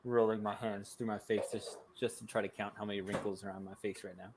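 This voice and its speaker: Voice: low voice, flat delivery, quick pace, very noisy. A tabletop player musing thoughtfully about the scene. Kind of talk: casual tabletop role-play.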